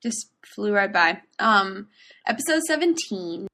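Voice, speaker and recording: Bright-voiced woman podcast co-host. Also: mid-range voice, sing-song. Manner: laughs often, quick agreeable replies. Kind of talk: casual podcast chat.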